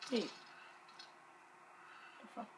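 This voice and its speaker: A woman giving casual gameplay commentary, excitable and jokey, muttering and whispering to herself. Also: extremely slow, slight background noise, poor audio.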